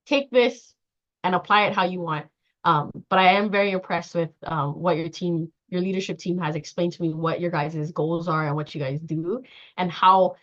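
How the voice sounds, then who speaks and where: Lively woman trainer, lo-fi sound. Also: on the low side. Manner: lively, acts out quoted dialogue, laughs often. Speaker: trauma-informed care trainer. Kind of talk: workshop training talk. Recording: dull lo-fi sound.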